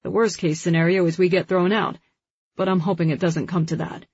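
A woman reading the lines of a calm, matter-of-fact father who is a lawyer. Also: lowish voice, brisk, slightly rough, no room sound. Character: steady older father, a lawyer. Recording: dull lo-fi recording.

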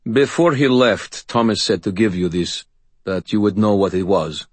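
A man voicing a calm, earnest male knight who speaks plainly. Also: lowish voice, moderate pace, husky, no room sound, voice pushed up.

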